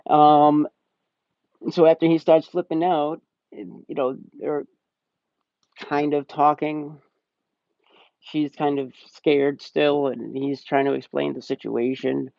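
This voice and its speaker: A man's voice: on the high side, level tone, takes it slowly, vocal fry, long pauses, warm tone, no room sound. A young man casually reviewing a movie on a live stream, rambling and swearing, often laughing. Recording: slightly muffled dry stream audio.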